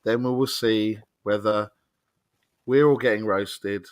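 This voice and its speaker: A man's voice: on the low side, fairly even intonation, slow pace, no echo, clean studio sound. Bantering English man co-hosting. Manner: teasing, bantering, gets worked up. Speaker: podcast co-host. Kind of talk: casual chat.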